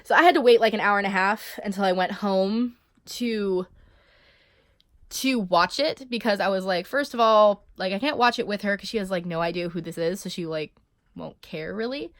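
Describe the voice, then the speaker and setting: A young woman chats straight to her camera in a loose, emotional vlog. She swears freely and leans on fillers. Her voice is mid-pitched and the sound is close and dry. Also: normal speed, no echo. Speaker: vlogger. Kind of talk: casual vlog monologue.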